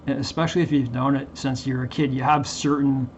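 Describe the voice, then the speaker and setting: A man reading passages aloud and commenting on them, halting often with fillers and restarts. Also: medium pitch, fairly even intonation. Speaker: Bible commentary vlogger. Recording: dull lo-fi recording with faint background hiss.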